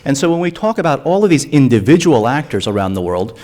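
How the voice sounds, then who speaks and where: A fast-talking man with a darkish, medium-pitched voice and big pitch swings argues earnestly at a drug policy forum. Speaking in a lecture hall, he keeps restarting phrases and repeating words.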